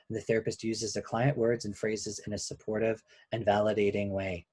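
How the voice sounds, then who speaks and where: A man who is a couples therapist, giving a measured, explanatory webinar lecture and slowing down on key points. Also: lowish voice, level tone, darkish tone, slightly rough, no echo.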